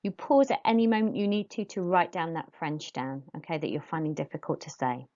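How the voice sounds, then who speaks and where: A woman teaching a French pronunciation lesson to pupils, modelling words slowly for them to repeat. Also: low voice, a little mellow, highs cut off.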